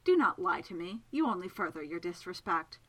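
A woman's voice: fairly low pitch, very animated, fairly quick, breathy edge. A woman doing a scornful, imperious lady. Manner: sharp, commanding, scornful.

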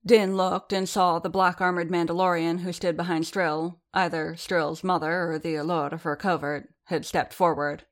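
Low-voiced woman narrating a story. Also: level tone, normal speed, hardly any pauses. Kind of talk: audiobook fiction reading.

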